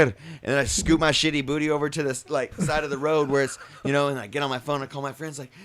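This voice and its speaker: A man, a podcast co-host, telling a story in casual, profane, animated style, laughing often and acting out the shouts of the people in it. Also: a little high, fast talker.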